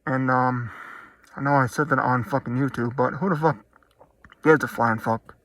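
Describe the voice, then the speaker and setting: A man's voice: mid-range voice, fairly even intonation, moderate pace, a bit bright, no echo. A man vlogging an angry, profane rant, blunt and heated, talking straight to his viewers.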